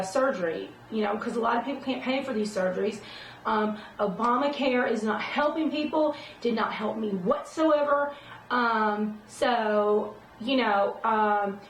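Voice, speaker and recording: A woman's voice: on the high side, slight background noise. A middle-aged woman vlogging casually about her own experience, rambling and emphatic, often checking in with "okay?". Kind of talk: casual personal talk to camera. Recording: roomy echo, distant from the mic.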